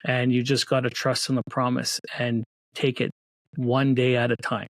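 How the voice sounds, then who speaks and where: A man tells his own story as an interview guest, earnest and faith-filled, often restarting his sentences. His voice sits at an ordinary pitch and is recorded close, with a dry sound. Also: flat delivery, normal speed, no room sound. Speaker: guest, children's book author. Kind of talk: casual interview talk.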